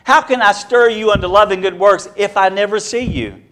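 A man's voice: high voice, normal speed, a bit bright. A man preaching a sermon to a congregation, earnest and repetitive, building his point through rhetorical questions.

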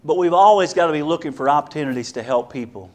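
A man's voice: a little high, fast talker, a little mellow. Earnest man preaching in rhetorical questions. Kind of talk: sermon.

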